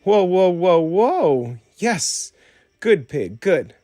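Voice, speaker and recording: A man's voice: sits high, extremely slow, no echo, pitched above the performer's own voice, exaggerated voice. A man voicing a spunky young female cowgirl doll who exclaims a lot, in a storybook reading. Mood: exclaiming. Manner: excited, exclaiming.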